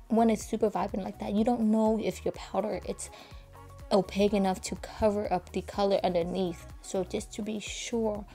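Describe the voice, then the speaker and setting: A woman talks viewers through a nail-art tutorial in a chatty, informal way, her voice mellow and warm. She keeps it fairly hushed at times, with faint music playing underneath. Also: mid-range voice. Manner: soft, hushed and breathy at times, keeping quiet for a sleeping child. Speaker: nail educator.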